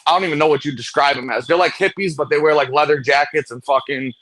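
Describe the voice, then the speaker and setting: A man tells a long, profane story at a rapid clip. His voice sits a little high for a man, and the sound is dry and close to the mic. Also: a bit bright, no room sound. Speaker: host. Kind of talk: casual late-night storytelling chat.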